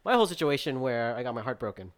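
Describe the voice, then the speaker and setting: A man's voice: medium pitch, big pitch swings, racing. A young man co-hosts a podcast, telling a story in a loose, rambling way. He fills it with "like" and acts out his friends' lines. His medium voice sounds close and dry, with no room echo. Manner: rambling storytelling full of filler likes, acting out friends' lines. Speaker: podcast co-host. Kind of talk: casual chat.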